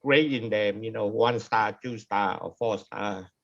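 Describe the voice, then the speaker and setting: A club member, a man with a lowish voice, talks very slowly and keeps pausing on uh's. His video call audio sounds dull and lo-fi. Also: creaky. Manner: hesitant, many uh's. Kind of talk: casual Zoom meeting chat. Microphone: computer mic on a video call.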